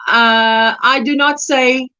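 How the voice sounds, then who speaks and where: Woman with an Afrikaans hosting a chatty livestream, unhurried, bright tone, slightly high voice, laughs a lot. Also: steady tone, clear, resonant tone, highs cut off. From South Africa. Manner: chatty, laughs often, greets viewers warmly. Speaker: livestream host. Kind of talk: casual livestream chat.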